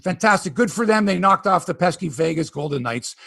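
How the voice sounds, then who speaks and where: A man hosting a sports podcast, ranting in animated, profane casual talk. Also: sits high, fairly quick, gravelly, no echo.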